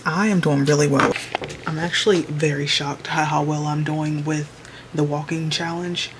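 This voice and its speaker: A woman's voice: sits low, slight background noise. A young woman in casual vlog chat from her small bedroom office, upbeat and chatty, saying y'all, recorded on a camera mic. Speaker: vlogger. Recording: music playing underneath.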